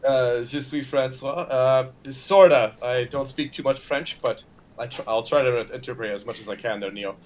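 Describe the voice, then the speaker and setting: A man's voice: mid-range voice, steady tone, normal speed. A man co-hosting a live stream, chatting animatedly, laughing a lot and acting out quotes. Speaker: stream co-host. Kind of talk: casual live-stream chat.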